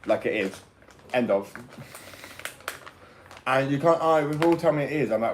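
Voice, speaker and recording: A man's voice: medium pitch, lively intonation, normal speed, pauses often, a little hiss or hum, poor audio. A young man with an English accent, talking in a brash, rambling casual rant and swearing freely. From England.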